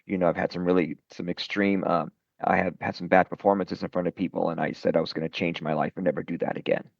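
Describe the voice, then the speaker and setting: A middle-aged man with a low, gravelly voice talks about his singing career in a loose, rambling way, often putting himself down. The sound is dull and lo-fi, with no room echo. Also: level tone, quick pace. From Brooklyn, New York. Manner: rambling, self-deprecating, many fillers. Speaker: rock singer, guest. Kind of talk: casual interview chat.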